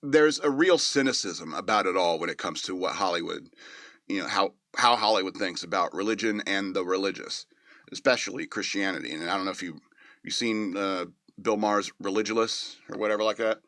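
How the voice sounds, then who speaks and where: A man's voice: sits low, a little fast, a bit bright, dry recording, studio quality. A man hosting a show, giving a casual, rambling movie review with many fillers and chuckles. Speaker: podcast host reviewing a movie.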